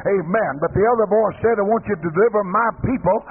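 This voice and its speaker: A man's voice: sits high, quick pace, few pauses, slightly rough. A man preaching a fervent sermon, rising and falling as he dramatizes Bible stories. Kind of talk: old-time preaching sermon. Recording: tinny lo-fi old sermon tape with faint hiss.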